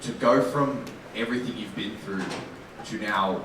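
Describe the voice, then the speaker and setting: A man's voice: lowish voice, normal speed. A male reporter asking a long, winding question at a press conference. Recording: very echoey room, distant mic, background noise.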